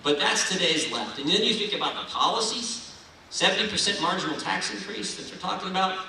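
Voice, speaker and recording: A man's voice: high-pitched, animated, a little fast, sharp tone, slight background noise. A man from Ohio giving a folksy, rousing keynote speech at a political dinner in a large banquet hall. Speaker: keynote speaker. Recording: echoey hall, mic heard from far.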